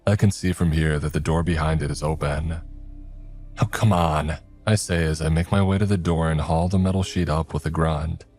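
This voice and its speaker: A man telling a first-person horror story in a measured, scripted narration, voicing the characters himself. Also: extremely low pitch, steady tone, darkish tone, soft background music.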